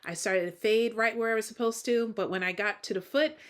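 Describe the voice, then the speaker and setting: A woman's voice: a little high, brisk. A tired woman in her thirties with a slight Southern US twang, hosting a casual knitting vlog in a chatty, self-deprecating way. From Georgia, US. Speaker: host.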